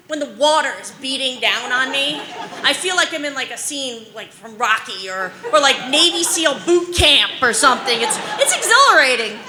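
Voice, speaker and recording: A woman's voice: sits high, background noise. A woman in her forties doing stand-up, telling rambling, self-deprecating stories packed with "like" and "um.". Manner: rambling, animated, heavy use of fillers like "like" and "um"; self-deprecating, anxious humor. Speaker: stand-up comedian. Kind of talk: stand-up storytelling.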